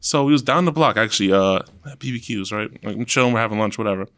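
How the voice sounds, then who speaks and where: A man's voice: lowish voice, quick pace, dry recording. A young man from Queens with a New York accent, telling blunt, profane stories as a podcast guest and acting out what people said. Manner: blunt, profane storytelling with lively put-on quotes. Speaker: podcast guest, event promoter. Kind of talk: casual interview chat.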